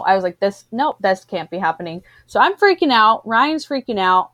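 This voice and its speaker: A woman in her thirties chatting casually, telling a story in an animated way and acting out what people said. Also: medium pitch, normal speed, hardly any pauses, dry recording. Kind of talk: casual chat.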